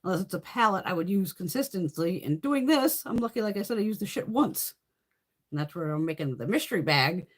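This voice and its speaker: A woman's voice: mid-range voice, expressive, fairly quick. A woman beauty creator chatting casually on a live stream, rambling and swearing freely while answering viewers' comments.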